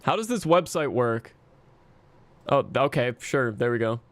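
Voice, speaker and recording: A man's voice: medium pitch, expressive, unhurried, no room sound. A man streaming and chatting casually with his viewers, rambling and self-mocking, swearing often.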